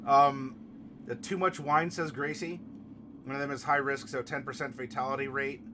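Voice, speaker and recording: A man hosting a casual live stream and answering viewer comments, playful and fond of puns, turning gentle and consoling when a viewer is sad. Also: medium pitch, flat delivery, moderate pace, background noise. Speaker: streamer hosting a tabletop game channel. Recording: music playing clearly behind the voice.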